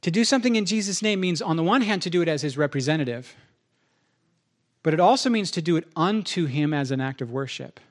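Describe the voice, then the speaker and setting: Male pastor, sermon delivery, slightly higher voice, chatty and animated. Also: fast. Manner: conversational, acts out both sides of a dialogue.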